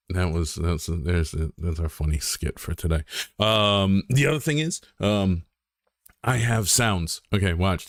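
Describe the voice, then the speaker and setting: A young man streaming a game from home, chatting casually in a rambling, joking way with deadpan asides. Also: fairly low pitch, dry recording, studio quality. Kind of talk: casual live-stream chat.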